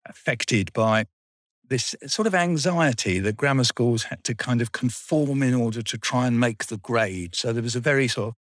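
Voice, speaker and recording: An older man tells school stories in an interview. He rambles with dry humour, at a middling pitch. His voice is close and dry. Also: normal speed, dry recording. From England. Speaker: guest. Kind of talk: reminiscing interview.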